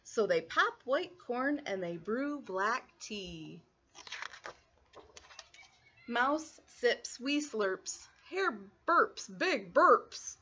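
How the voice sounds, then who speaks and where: A woman teacher reading a storybook aloud to young children, expressive and stopping to explain words. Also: on the high side, extremely slow, slightly rough. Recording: lo-fi muffled recording.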